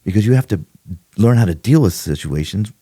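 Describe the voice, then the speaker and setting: A man's voice: lowish voice, animated, fairly quick, dark tone. An older man, a retired detective, telling stories in a casual interview, acting out quotes and laughing often. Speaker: retired homicide detective, podcast guest.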